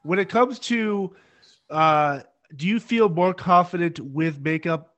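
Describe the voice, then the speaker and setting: A man's voice: a little high, slow, fairly bright tone, lo-fi sound. A man interviewing a guest, asking long, rambling questions full of filler words. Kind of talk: casual interview.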